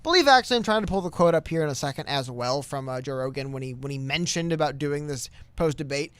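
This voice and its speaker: A man's voice: fairly high pitch, expressive, quick pace, fairly bright tone, clear, resonant tone, no room sound. A man co-hosting a casual political chat over a call, rambling and reading quotes aloud with many restarts. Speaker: podcast co-host. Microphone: webcam call mic.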